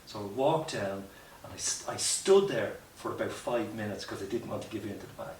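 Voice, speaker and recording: A lowish-voiced man talks through his experiences with earnest, reflective restarts. He sits back from the mic in an echoey room. A faint hiss runs underneath. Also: expressive, a little fast, far from the mic. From Ireland. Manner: reflective, earnest, many restarts and "you know" asides. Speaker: guest, mountaineer. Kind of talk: conversational storytelling interview.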